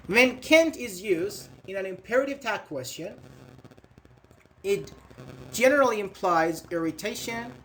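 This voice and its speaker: A man's voice: high voice, a bit bright, a little hiss or hum. A man. He explains patiently with everyday examples and repeats his phrases. He also acts out short quoted lines. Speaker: English teacher. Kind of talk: online grammar class.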